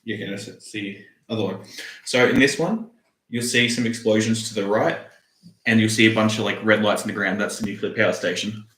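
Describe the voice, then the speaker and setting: An Australian man explaining video clips in an easygoing, halting way during a casual home livestream. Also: fairly low pitch, steady tone, a bit bright, echoey room, low-quality recording. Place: room at home with dogs.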